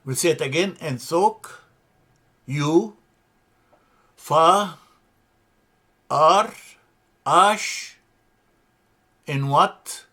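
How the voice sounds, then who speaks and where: A man teaching a grammar lesson, halting with many fillers and restarts as he spells out words. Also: a little high, sharp tone, slightly rough. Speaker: language teacher.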